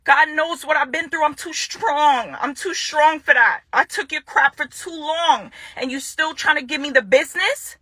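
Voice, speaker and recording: A woman's voice: high voice, moderate pace, hardly any pauses, sharp tone, no room sound. A young adult woman making an angry public statement to her ex-partner, confrontational and furious, repeating phrases for emphasis.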